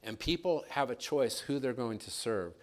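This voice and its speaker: A male pastor preaching a sermon, telling a story with lively, animated delivery that climbs higher and louder as it builds. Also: normal speed. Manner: animated storyteller, rising and louder when excited.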